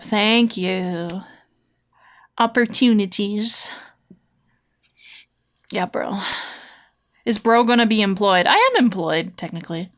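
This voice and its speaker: Woman streamer, giggly and rambling, mid-pitched, casual chat with viewers. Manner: giggly, rambling, with silly mouth sound effects.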